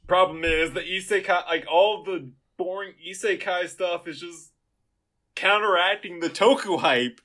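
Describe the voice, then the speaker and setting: Rambling excitable man chatting. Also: sits high, unhurried. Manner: excitable, rambling with many fillers. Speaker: podcast co-host. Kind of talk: casual chat.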